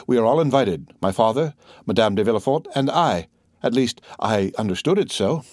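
A man voicing a timid, gentle young woman who speaks softly and anxiously in an audiobook reading. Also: medium pitch, animated, moderate pace, no room sound, studio quality, natural voice.

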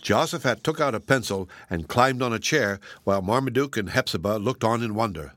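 A man reading a children's storybook aloud, gentle and expressive, with playful asides. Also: lowish voice, a little fast, no room sound.

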